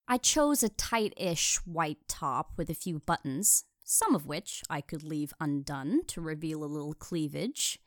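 A woman's voice: fairly low pitch, no echo, clean studio sound. A woman reading a first-person audiobook in a wry, self-deprecating way. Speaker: audiobook narrator.

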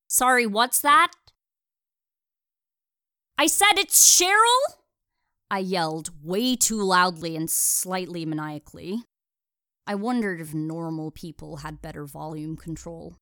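A woman narrating a first-person audiobook with a wry, self-deprecating manner. Her voice sits low, and the recording is dry and close with no room sound. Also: fairly bright tone, dry recording.

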